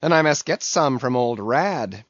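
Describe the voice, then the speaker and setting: A man's voice: medium pitch, animated, a little slow, dry recording, highs cut off. A man reading as Steelkilt, a scheming sailor. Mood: sly.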